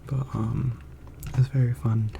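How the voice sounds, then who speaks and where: A young man from the United States rambling in soft-spoken ASMR, meandering with many fillers. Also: medium pitch, level tone, unhurried, creaky, dull audio, noisy background. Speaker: ASMR creator.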